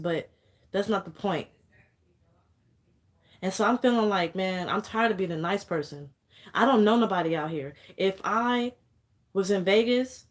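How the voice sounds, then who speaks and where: A young woman venting on camera in an angry, profane vlog rant, fighting back tears. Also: fairly low pitch. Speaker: vlogger.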